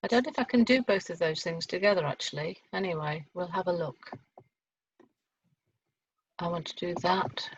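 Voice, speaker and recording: A woman's voice: fairly low pitch, moderate pace, pauses often, breathy edge. Woman leading choir practice online. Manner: chatty, explaining step by step with fillers. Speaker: choir leader. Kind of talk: online choir rehearsal teaching. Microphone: video call. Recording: dull lo-fi video call audio.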